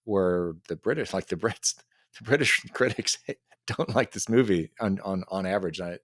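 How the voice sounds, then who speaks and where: A man's voice: sits low, normal speed, fairly bright tone, no echo, clean studio sound. A man co-hosting a casual podcast chat, easygoing, laughing often and chiming in with short replies. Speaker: podcast co-host.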